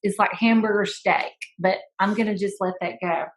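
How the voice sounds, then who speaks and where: A woman co-hosting a casual chat, telling a story with playful teasing and an animated delivery. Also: medium pitch, moderate pace, low-quality recording. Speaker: school principal, podcast co-host.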